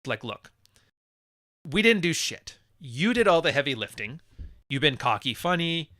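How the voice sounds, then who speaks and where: A man's voice: a little high, very animated, measured pace, sharp tone, no echo, studio quality. A man hosting a live podcast, reading chat messages and talking in a blunt, profane, wisecracking way. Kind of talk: casual livestream monologue.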